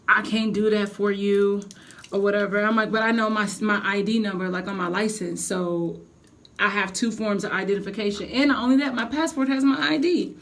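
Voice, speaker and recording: A young adult woman telling a heated storytime to her vlog viewers, venting with blunt, profane language. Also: mid-range voice. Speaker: vlogger.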